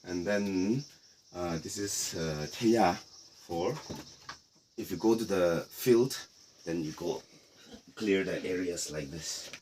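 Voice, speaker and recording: A middle-aged man from Nagaland, guiding a casual tour of a heritage house in a relaxed, explanatory way with playful asides. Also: low-pitched, slow pace, pauses often, noisy background. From Nagaland, India. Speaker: tour guide.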